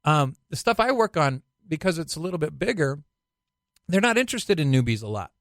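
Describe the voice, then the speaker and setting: A man, a casting director guest, giving animated, conversational advice and acting out little quotes. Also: a little high, brisk, no room sound. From Utah.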